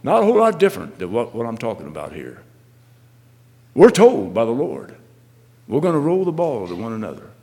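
A male minister preaching a sermon, swinging from loud, pressing questions to quiet asides and often repeating his words. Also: mid-range voice, huge pitch swings, very fast, hardly any pauses, long reverb tail.

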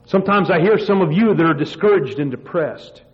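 A man with a fairly high voice preaches a sermon, recounting a story in a loose, rambling way with frequent restarts. The recording sounds dull and lo-fi. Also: lively intonation, a little fast.

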